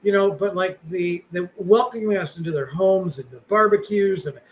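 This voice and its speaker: The recording is low quality, with a little hiss or hum behind a middle-aged podcast co-host. He speaks in a high voice at a moderate pace, rambling through a casual chat, full of fillers and jokes at his own expense.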